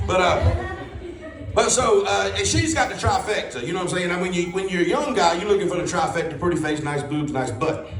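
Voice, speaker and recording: On a comedy club stage before a live audience, a man does a stand-up set of rambling, folksy stories with punchlines, speaking in a high, expressive voice a little fast. The roomy club is caught on a distant mic, with audience laughter.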